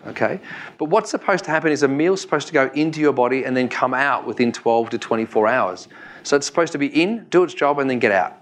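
Australian man, 40s, easygoing seminar presenter, mid-pitched voice. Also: lively intonation, quick pace. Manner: chatty, jokey, asks the audience questions. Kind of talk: live talk to an audience. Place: room with a live audience.

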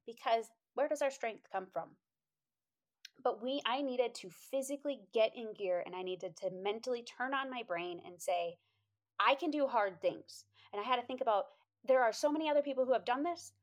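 A woman telling a motivational story in a casual, animated way, quoting herself in high voices and laughing often. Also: brisk. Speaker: inspirational speaker.

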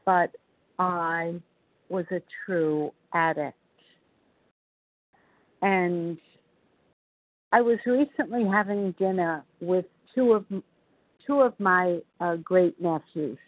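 A woman in her seventies with a New York accent, telling her recovery story in an earnest, measured way. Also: on the low side, no echo. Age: 70s. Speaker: recovery meeting speaker. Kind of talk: personal testimony. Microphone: phone. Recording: tinny phone line.

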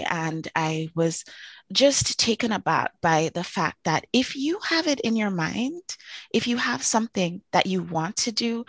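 A woman telling a long story in a chatty, animated way, full of asides, now and then jumping up into high excited voices. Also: no echo. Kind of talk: casual storytelling to camera.

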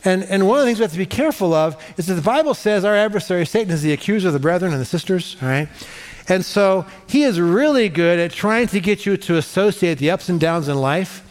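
Animated high-voiced preaching man. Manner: animated preaching, repeats phrases for emphasis. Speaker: pastor. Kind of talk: sermon. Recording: long hall reverb.

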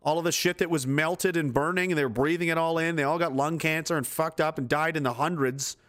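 A man's voice: a little high, fairly even intonation, brisk, a bit bright. A man giving angry, profane, sarcastic political commentary.

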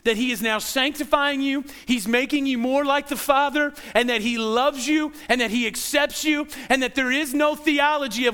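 A man preaching a sermon as pastor, animated and conversational, who often repeats words and throws questions at his congregation. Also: very high-pitched, moderate pace, hardly any pauses, clear, resonant tone.

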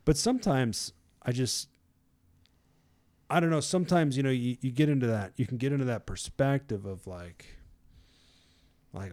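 A man's voice: medium pitch, normal speed, pauses often, a little mellow. Rambling man sharing a casual devotional. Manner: rambling, conversational, many fillers and restarts; chuckles often. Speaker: devotional speaker.

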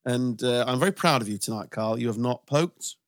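A man's voice: medium pitch, brisk, no echo, clean studio sound. A man hosting a casual football podcast chat, bantering and laughing often. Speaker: podcast host.

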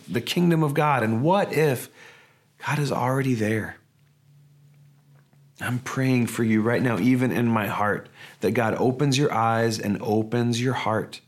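A man, a pastor, preaching a sermon in a conversational, emphatic way with rhetorical questions. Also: on the low side.

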